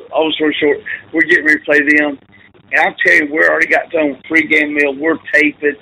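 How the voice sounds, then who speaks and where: Gravelly, bright coach spinning yarns. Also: male voice, on the high side, low-quality recording. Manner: animated storyteller acting out quotes. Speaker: football coach, interview guest. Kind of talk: casual storytelling interview.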